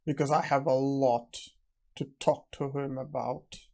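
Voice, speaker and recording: Cold young necromancer, confident and calm , read by a man, low-key, dark tone; recap storybook hero. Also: a little slow, gravelly.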